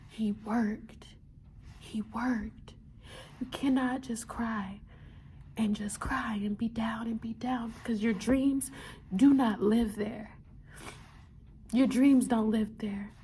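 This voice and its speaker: A young woman, a medical student, talking earnestly in a motivational vlog, often repeating herself and dropping into soft whispers. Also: a little high, husky. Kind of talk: heartfelt motivational vlog talk.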